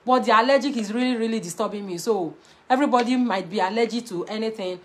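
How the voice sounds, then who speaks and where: A woman with a Nigerian Pidgin English accent talks straight to camera in a high voice. She is blunt and animated, slipping between Pidgin and plain English as she talks. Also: fast talker. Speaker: vlogger giving marriage advice. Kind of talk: casual to-camera talk.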